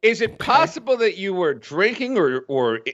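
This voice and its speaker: A man's voice: high voice, sing-song, moderate pace, a bit bright. A man guesting on a podcast, joking in a nervous, self-mocking way in casual banter. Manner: anxious, self-mocking humor. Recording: dull lo-fi mic.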